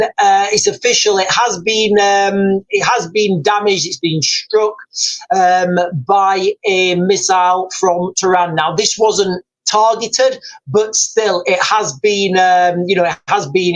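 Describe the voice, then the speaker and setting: A man's voice: sits high, steady tone, slow pace, a bit bright, poor audio. A man hosting a live news commentary stream. He rambles, repeats himself, speculates aloud and reads viewer comments and headlines off the screen.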